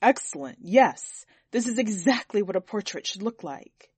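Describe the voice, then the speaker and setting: Storybook villain: woman voicing a vain, wrathful man of power, lowered pitch, loud and biting, dry close read. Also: normal speed, dry recording, lightly acted. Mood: exultant. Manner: shouting, wrathful. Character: vain angry powerful man called Sir.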